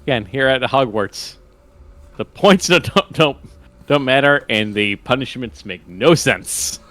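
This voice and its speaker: A man's voice: mid-range voice, lively intonation, fairly bright tone. A man co-hosting a podcast, chatting casually about a book and joking as he goes. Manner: joking, acts out characters in quick asides. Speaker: podcast co-host. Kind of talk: casual book club chat.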